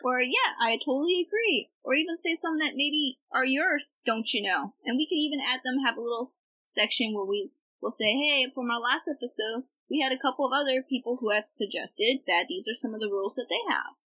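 A young woman co-hosting a casual podcast, chatty and rambling, quick to laugh. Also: fairly high pitch, sharp tone, low-quality recording. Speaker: podcast co-host.

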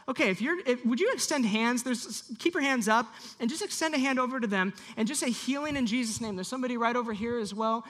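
A pastor preaching to a church congregation, animated and leading the room in call-and-response. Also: medium pitch. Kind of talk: sermon.

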